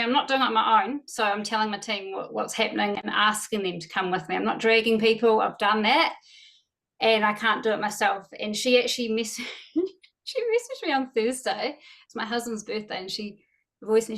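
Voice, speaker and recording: A woman with a slightly high voice tells an excited, emotional story on a team video call. She moves quickly through the tale, acting out bits of dialogue as she goes.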